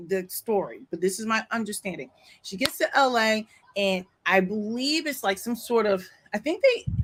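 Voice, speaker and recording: A woman's voice: medium pitch, low-quality recording. Chatty woman telling a rambling story. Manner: chatty, digressive, frequent asides and apologies; animated, laughing. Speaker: commentary vlogger. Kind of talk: casual storytelling commentary. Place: home, near her back window.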